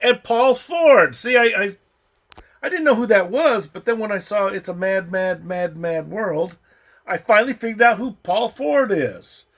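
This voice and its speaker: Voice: medium pitch, expressive, a little slow, fairly bright tone. A person chatting casually while watching an old film, naming the actors on screen in a hesitant, musing way. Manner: hesitant, musing, often trailing off. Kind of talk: casual watch-along commentary. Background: faint film soundtrack.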